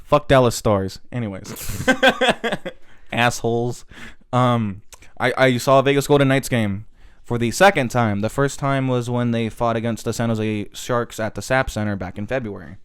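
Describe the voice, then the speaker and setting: A man's voice: medium pitch, lively intonation, unhurried, clean tone. A man of about twenty from Central California, chatting casually on a podcast and telling a rambling, profane travel story. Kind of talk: casual chat.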